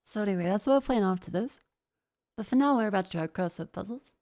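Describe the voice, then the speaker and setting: A woman streamer, stuffy from a sinus infection, chatting casually on a desk mic in a profane, rambling, excitable way. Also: medium pitch, quick pace. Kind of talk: casual gaming stream chat. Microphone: desk microphone.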